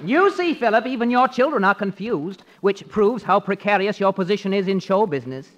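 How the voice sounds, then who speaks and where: An actor playing a fussy, snobbish brother-in-law with a prissy, affected way of talking, in 1940s radio comedy. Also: male voice, high-pitched, animated, fairly quick, a bit bright, dull audio. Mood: condescending.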